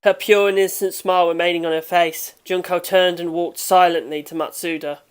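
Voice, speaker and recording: A woman narrates a fan audiobook in a low voice. Her reading is steady and measured. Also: smooth.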